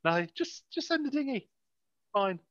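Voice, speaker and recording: A man's voice: extremely high pitch, sing-song, measured pace, fairly bright tone, no room sound. A man chatting about a film in a sarcastic, mocking way. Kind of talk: casual film chat. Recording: dull, dry lo-fi mic.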